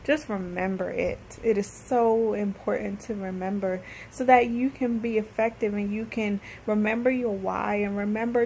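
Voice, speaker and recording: A woman's voice: mid-range voice, steady tone, moderate pace, few pauses, darkish tone, a little hiss or hum, rough recording. Female motivational vlogger, heartfelt and faith-driven, emotional near tears, repetitive preaching rhythm. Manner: earnest, heartfelt, faith-based encouragement; emotional, holding back tears. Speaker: motivational speaker and host. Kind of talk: motivational vlog address.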